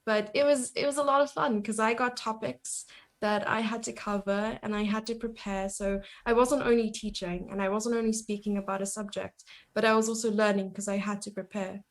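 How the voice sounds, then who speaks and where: A woman talks as a guest on a casual interview stream. Her delivery is chatty and upbeat, and she laughs easily. Her pitch sits in an ordinary middle range. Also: steady tone, brisk. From South Africa. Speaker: guest, chess coach and streamer.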